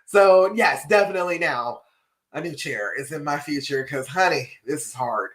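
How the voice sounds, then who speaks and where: A woman's voice: sits low, lively intonation, normal speed, roomy sound, far from the mic, rough recording. A woman relationship coach giving direct, encouraging advice on a live stream, checking in with her listeners as she goes. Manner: direct and encouraging, tag questions like "all right?"; laughs often, frank and a little salty.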